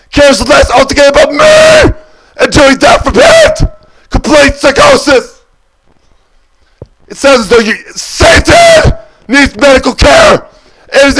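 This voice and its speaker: A man in an agitated spoken monologue, shouting and wailing as he piles up repeated words and lists. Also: very high-pitched, low-quality recording.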